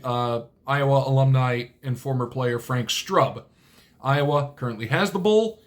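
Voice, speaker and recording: A man hosting his own video channel, talking casually in a rambling way, often correcting himself and adding dry asides. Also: a little high. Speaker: channel host. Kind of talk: casual solo video talk.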